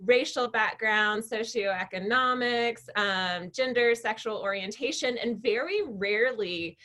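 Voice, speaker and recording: A woman's voice: fairly high pitch, measured pace. A woman hosting a book club interview, chatty and telling stories, with fillers between her thoughts. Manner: chatty, warm storytelling with fillers.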